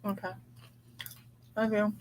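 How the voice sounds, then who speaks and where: A woman hosting a relaxed livestream, chatting with viewers, laughing often and reading their comments aloud. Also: mid-range voice, slow pace, slight background noise. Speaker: livestream host reading chat. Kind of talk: casual live chat.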